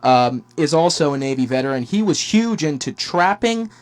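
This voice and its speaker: A man's voice: a little high, expressive, normal speed. A young man hosting a podcast interview, speaking in an eager, admiring way with many fillers. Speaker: podcast host. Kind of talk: casual interview.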